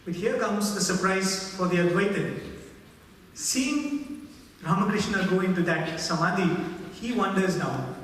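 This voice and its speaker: A man giving a devotional talk, telling stories in an animated, reverent way, recorded in a large hall from far off. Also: high-pitched, measured pace, a little hiss or hum. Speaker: spiritual speaker. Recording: echoey hall heard from far off.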